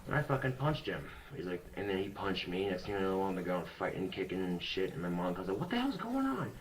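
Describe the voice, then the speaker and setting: A man's voice: low voice, quick pace, a little hiss or hum, low-quality recording. A young man talking casually into a webcam, rambling and blunt, swearing often. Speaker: vlogger.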